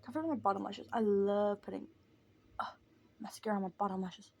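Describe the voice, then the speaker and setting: A woman's voice: mid-range voice, brisk, vocal fry, a little mellow. A young adult woman chatting casually while doing her makeup, rambling and mocking herself as she drifts off topic. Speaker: vlogger.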